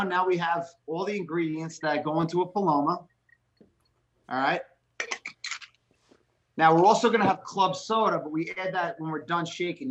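A man's voice: a little high, a bit bright, dull audio. A man hosting a casual chat while showing how to make a cocktail, rambling and repeating himself. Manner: rambling, repetitive, laughs easily. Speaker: host.

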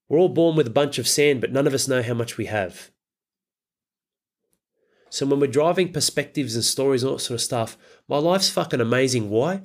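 Middle-aged man, medium pitch, hard-hitting fathers' coach who swears freely. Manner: blunt, emphatic, heavy swearing. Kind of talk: motivational talk.

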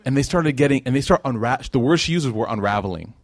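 Here a man talks quickly at a medium pitch, captured in a dry recording. His religious lecture to a live audience is casual and humorous, and he brings the people in his anecdotes to life with animated voices.

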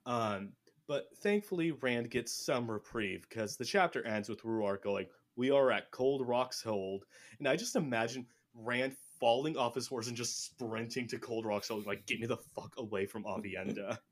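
A man's voice: mid-range voice, measured pace. A man hosting a casual book podcast, recapping chapters and acting out the characters' lines. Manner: animated, acts out characters' lines. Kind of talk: casual chat.

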